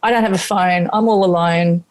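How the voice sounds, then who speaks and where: A woman's voice: lowish voice, normal speed. A middle-aged Australian woman chef, a podcast guest, telling a candid personal story, swearing freely and acting out what she said at the time. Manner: animated, swears freely, acts out her own past remarks.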